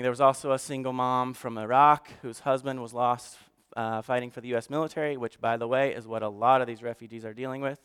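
A man's voice: mid-range voice, clean tone. A man speaking as a pastor to his church in a conversational sermon, moving from joking asides to earnest, emotional storytelling.

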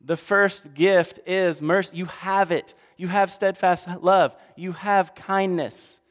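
A man with a high voice preaches a sermon in a hall with a long echo. He slips into characters, going loud and then soft. The delivery is lively and storytelling. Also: slow.

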